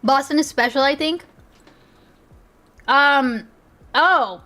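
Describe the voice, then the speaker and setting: High-voiced chatty woman streamer. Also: slow, sharp tone. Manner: chatty and profane, thinking aloud. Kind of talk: casual live-stream reaction chat.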